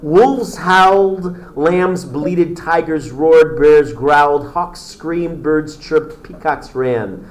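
A man's voice: a little high, very slow, hardly any pauses, roomy sound, rough recording. A man teaching a class, telling stories with enthusiasm and answering student interruptions. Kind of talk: classroom lecture.

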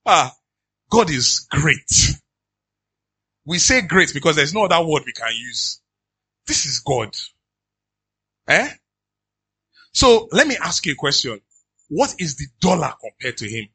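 A pastor preaches with a bright, slightly husky voice pitched a little high. He reads scripture aloud, then bursts into animated asides to his congregation. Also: a little slow, long pauses. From Nigeria. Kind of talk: sermon.

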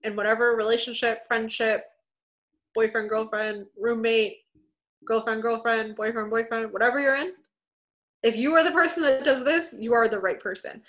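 A woman with a fairly high-pitched voice chats on a podcast as co-host. She talks in an animated rush and swears freely, acting out bits as she goes. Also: moderate pace. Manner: animated, swears freely, acts out characters' lines. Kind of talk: casual chat.

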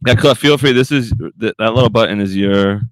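A man's voice: on the low side, fairly quick, dry recording. A young man hosting a podcast, telling stories in loose, profane, casual banter. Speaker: podcast host.

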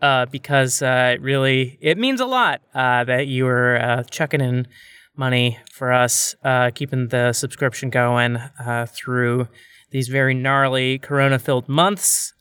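A man opens a podcast episode in a loose, jokey way, peppering his talk with fillers. His voice is bright and crisp, sitting a little high, with a dry, close sound. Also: measured pace, dry recording. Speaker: podcast host. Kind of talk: casual podcast intro.

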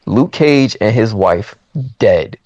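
In a lo-fi recording with no room sound, a man speaks slowly in a lowish voice while recapping a movie's plot for his podcast. His casual, animated retelling includes acting out what the characters say.

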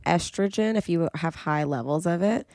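Chatty young woman, low gravelly voice. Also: normal speed, darkish tone, no room sound. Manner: chatty, many fillers, quotes the cast in playful voices. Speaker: podcast co-host. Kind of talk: casual reality TV recap chat.

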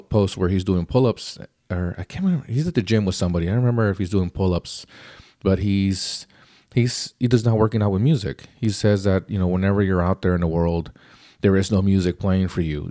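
A man's voice: low-pitched, mellow, no room sound, studio quality. A man giving a casual, rambling spoken book review, often repeating himself and restarting sentences.

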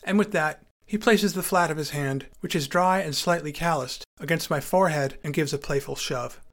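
A man's voice: on the high side, moderate pace. A man narrating his own memoir in a wry, conversational storytelling manner.

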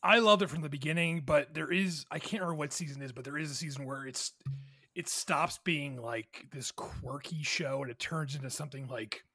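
Bright husky-voiced man chatting. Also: on the high side, brisk, no echo. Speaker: podcast co-host. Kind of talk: casual chat.

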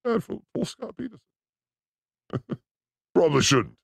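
A man hosting a livestream, reacting to clips with crude, excitable jokes. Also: high-pitched, a little slow, creaky, slightly rough, no echo, clean studio sound. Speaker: show host reacting to clips. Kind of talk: livestream clip commentary.

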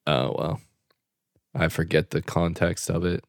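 A man's voice: low voice, steady tone, measured pace, no room sound, clean studio sound. A man co-hosting a podcast in casual chat, goofy and jokey, laughing often. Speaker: podcast co-host.

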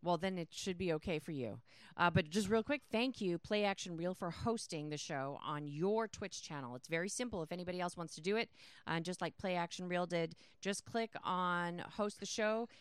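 A woman co-hosting a sports talk show, brisk and chatty, reading out listener notes. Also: on the low side, smooth, dry recording. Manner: brisk, reads listener comments. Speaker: co-host. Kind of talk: casual talk show banter.

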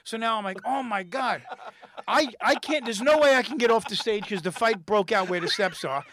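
A middle-aged man telling a comedy-club story in casual chat, animated and rambling, acting out the voices of the people in it. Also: high voice, moderate pace. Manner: animated, acts out quotes and voices, rambling restarts.

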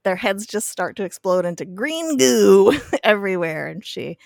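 A woman's voice: mid-range voice, animated, moderate pace, vocal fry, darkish tone, no echo, clean studio sound. A woman casually recapping a TV episode on a podcast, laughing often and acting out the characters' lines. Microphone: podcast mic.

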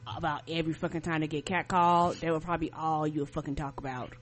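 A woman's voice: sits low, little pitch movement, fast talker. A woman co-hosting a podcast, blunt and sarcastic, swearing freely in casual chat. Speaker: podcast co-host.

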